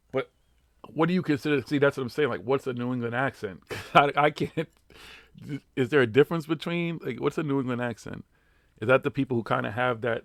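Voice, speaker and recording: A man's voice: mid-range voice, creaky, no room sound, clean studio sound. A man with a Boston accent hosting a live radio talk show, chatting casually, swearing a lot and laughing often. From Boston area. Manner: profane, animated, laughing often.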